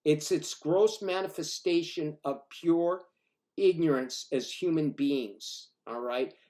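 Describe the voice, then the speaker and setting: Older man, sixties, rambling, swearing, emphatic, slightly high voice. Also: slow, a little mellow. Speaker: storyteller. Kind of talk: casual spoken storytelling.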